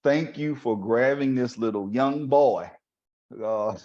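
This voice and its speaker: A man, a podcast host telling a story to his listeners in a loose, lively way. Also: mid-range voice, slow. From New Orleans, USA. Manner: animated, talks straight to listeners with chuckles. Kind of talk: casual storytelling monologue. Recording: dull lo-fi audio.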